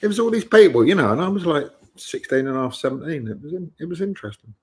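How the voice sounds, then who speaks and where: A man's voice: fairly high pitch, expressive, fast talker, a little mellow, breathy edge. A man, telling rambling anecdotes as a guest on an online interview show and acting out the lines he quotes. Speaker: guest musician.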